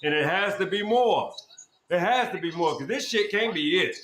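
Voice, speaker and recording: A man hosting a podcast who berates his guest in a loud, repetitive, profane rant. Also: high voice, lively intonation, moderate pace. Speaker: podcast host. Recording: echoey room with faint noise.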